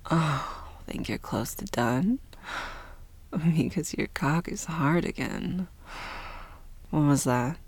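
Woman, whispered role-play: breathy, very unhurried delivery, teasing and dominant. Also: sits low, no room sound. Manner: slow, breathy, teasing and commanding. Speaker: audio role-play performer.

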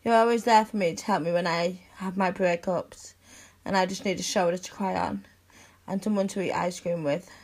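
A young woman in a one-sided audio role-play, speaking softly and intimately to the listener as her best friend, with sighs and giggles. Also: on the low side, fairly even intonation, moderate pace.

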